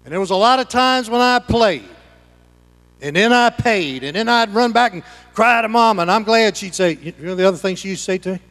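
A man preaching a sermon as pastor, swinging between loud emphatic lines and hushed ones. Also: high voice, lively intonation, fairly quick. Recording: long hall reverb.

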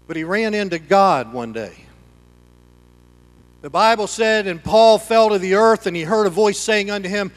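High-voiced preacher in a reverberant hall. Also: male voice, normal speed. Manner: dynamic preaching with swings between loud and hushed. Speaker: pastor. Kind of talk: sermon.

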